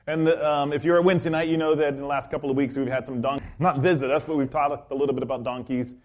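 A man's voice: medium pitch, steady tone, fast talker. Male pastor, sermon delivery, loose storytelling full of ums and restarts. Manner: rambling storytelling with fillers.

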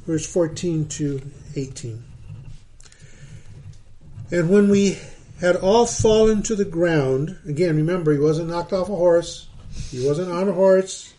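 Mellow-voiced pastor teaching scripture. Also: male voice, fairly high pitch, slow, pauses often, a little hiss or hum. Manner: conversational, repeats words while thinking. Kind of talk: verse-by-verse Bible teaching.

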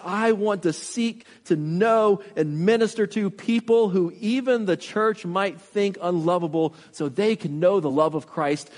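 A man with a high voice delivers an earnest sermon, often pausing to ask the congregation questions and restarting his phrases. His voice rings out with the long reverb of a big church hall. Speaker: pastor. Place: church sanctuary.

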